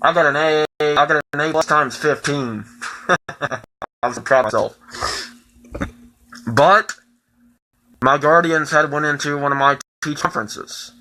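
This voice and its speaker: A man in his twenties in a profane, heated personal rant that keeps rising into shouting. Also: mid-range voice, a little hiss or hum, poor audio. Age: 20s.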